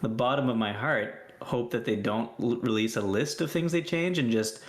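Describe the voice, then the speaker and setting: A man's voice: medium pitch, moderate pace. A man talking as a guest on a casual gaming podcast, earnest and restarting his sentences. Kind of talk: casual chat. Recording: echoey room mic.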